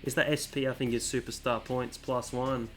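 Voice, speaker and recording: A man's voice: medium pitch, level tone, normal speed, soft background music. A man hosting a casual let's-play, chatting through menus and reading the on-screen text aloud. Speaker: gaming channel host.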